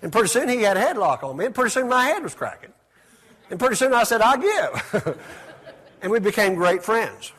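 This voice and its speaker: This man preaches quickly in a high-pitched, very animated voice. Calling on the congregation to repeat words after him, he alternates between loud exclamations and quiet asides.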